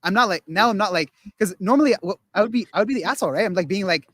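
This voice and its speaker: Man, podcast guest, casual chat, rambling, many restarts, slightly high pitch, dry close sound. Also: rapid-fire, a bit bright, dry recording. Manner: rambling, full of restarts and acted-out quotes.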